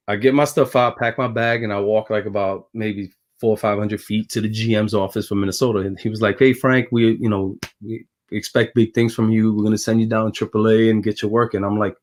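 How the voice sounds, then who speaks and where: His voice is fairly low and a little fast. A former pitcher from Brooklyn, New York, he's a guest in a casual interview, telling stories animatedly and giving voice to the people he quotes.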